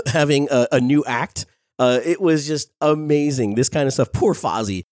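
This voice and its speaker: A man in his forties talks through a casual review with quick, excited energy and frequent laughs. His voice sits at a middle pitch. The sound is dry and close, with no room echo. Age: 40s.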